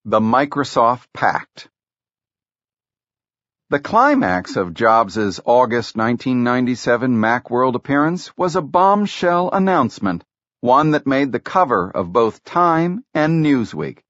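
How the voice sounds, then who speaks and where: A man narrating an audiobook in a measured, even storytelling delivery. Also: medium pitch, dry recording, dull audio. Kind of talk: scripted narration.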